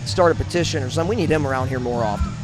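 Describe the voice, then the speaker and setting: A man's voice: mid-range voice, very fast, over music. A man from the St. Louis area doing emotional, emphatic commentary for a wrestling show. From St. Louis area, USA. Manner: heartfelt, emphatic, repeats himself.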